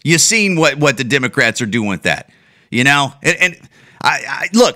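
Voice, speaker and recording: A man's voice: a little high, sing-song, normal speed, sharp tone. A man who is a comedian and podcast host, ranting bluntly and profanely in a casual monologue, often restarting his sentences.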